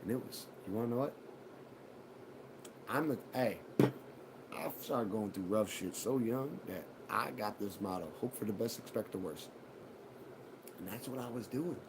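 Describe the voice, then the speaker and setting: A man hosting a live show, telling a personal story in a profane, animated way and acting out what others said. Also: lowish voice, moderate pace, pauses often, heavy background noise. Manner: profane, animated retelling with acted quotes. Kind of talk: casual storytelling.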